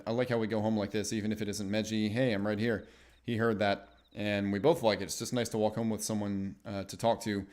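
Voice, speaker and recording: A man streaming himself as he reads a visual novel aloud and comments on it casually, with wry asides and some swearing. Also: lowish voice.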